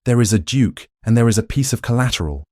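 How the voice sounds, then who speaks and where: A man voicing a young woman who speaks flatly and bitterly, her voice trembling. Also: mid-range voice, quick pace, dry recording, studio quality, voice pushed up, close to an everyday voice. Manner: flat, trembling, accusing.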